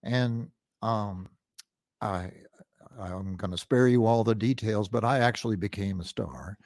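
An older singer-songwriter reminiscing about his early days, reflective and halting, often restarting his sentences. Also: on the low side, a little mellow, no echo, studio quality. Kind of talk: reminiscing storytelling.

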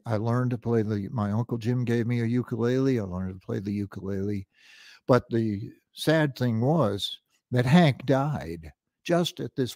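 An older singer-songwriter reminiscing about his early days, reflective and halting, often restarting his sentences. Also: medium pitch, a little mellow, dry recording, clean studio sound. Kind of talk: reminiscing storytelling.

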